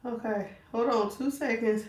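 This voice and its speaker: On her tarot livestream, a woman talks casually, chatty and laughing, though a little breathless. Her voice is somewhat high with a steady tone, and she speaks at a moderate pace.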